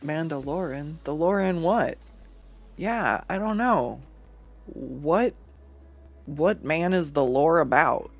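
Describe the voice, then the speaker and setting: An artist streaming a drawing session, chatting casually, rambling, often laughing and swearing, and jumping up in pitch when acting out quotes. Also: expressive, slow, gravelly, long pauses. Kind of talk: casual chat while drawing on a livestream.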